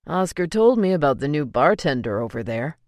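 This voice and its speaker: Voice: medium pitch, big pitch swings, brisk, a little mellow, no room sound, studio quality, lightly acted. A narrator voicing a brash young restaurant guy. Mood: teasing. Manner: blunt, swears casually. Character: brash casual young man, restaurant manager.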